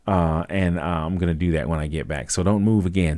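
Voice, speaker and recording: A man's voice: sits low, steady tone, brisk, a little mellow, no echo, clean studio sound. A man hosting a live talk stream, speaking casually and thoughtfully, with frequent fillers and restarts. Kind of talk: casual reflective monologue.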